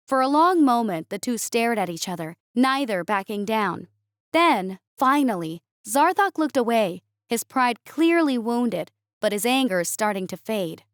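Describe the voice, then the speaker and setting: A woman narrating a sci-fi story in an even, steady storytelling voice. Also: mid-range voice, moderate pace, dry recording, studio quality.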